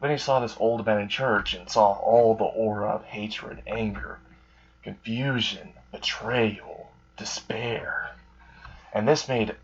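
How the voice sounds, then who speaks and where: A man improvises a fan story as he goes, rambling with fillers and the odd curse. His voice is low and husky. The recording sounds dull and lo-fi. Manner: rambling, casual, with fillers and swearing.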